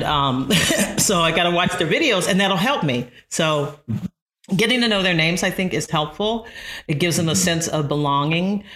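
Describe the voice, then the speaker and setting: Woman, college math instructor, bright forceful voice, lively storyteller in interview. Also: sits low. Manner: animated storyteller, quick to laugh. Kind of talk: conversational podcast interview.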